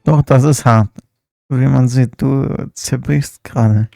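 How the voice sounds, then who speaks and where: Gravelly, dark-voiced male streamer. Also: medium pitch, fairly even intonation, slow, dry recording. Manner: chatty asides while watching. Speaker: streamer reacting to a video. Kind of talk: casual live reaction commentary.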